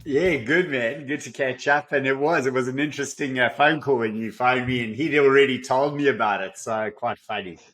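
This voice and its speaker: A man's voice: mid-range voice, moderate pace, hardly any pauses, a bit bright, faint music behind. South African man explaining plainly. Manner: conversational, plain-spoken, lists points. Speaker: business coach guest. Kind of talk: casual interview chat.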